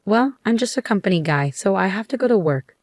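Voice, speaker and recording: A woman's voice: mid-range voice, lively intonation, brisk, darkish tone, no room sound, clean studio sound. A woman voicing a young husband who is cold, curt and sarcastic, in a narrated story. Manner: cold and dismissive.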